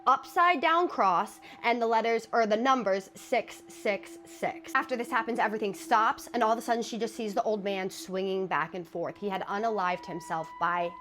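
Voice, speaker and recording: A woman narrating a true scary story to her followers in a casual, dramatic way, slowing down for the grisly details. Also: mid-range voice, fairly bright tone, slight background noise. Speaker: horror storyteller.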